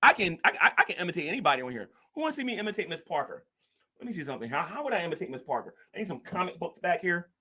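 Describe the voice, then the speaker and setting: A man's voice: high voice, very animated, racing, bright, forceful tone. A man hosting a live stream, mocking and arguing with chat commenters in a casual rant. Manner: mocking, combative, reads chat aloud.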